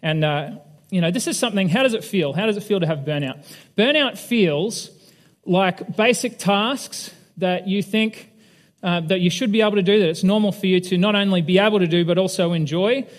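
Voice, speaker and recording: Male pastor, fairly high voice, candid self-deprecating sermon talk, long hall reverb. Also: moderate pace. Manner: candid, self-deprecating, asks the audience questions. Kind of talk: conversational sermon with personal story.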